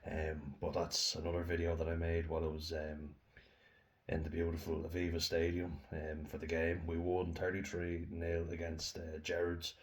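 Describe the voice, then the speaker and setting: A man's voice: deep voice, monotone, moderate pace. Tired, chatty Irish young man. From Ireland. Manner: chatty, rambling, many fillers. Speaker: vlogger. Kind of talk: casual chat to camera.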